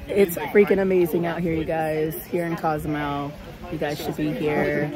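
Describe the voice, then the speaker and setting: A woman vlogging to her phone outdoors on vacation, hoarse with her voice nearly gone, excitedly addressing her viewers as "you guys". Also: deep voice, moderate pace, a loud crowd. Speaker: wrestling vlogger. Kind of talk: casual vlog to camera. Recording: loud outdoor background noise.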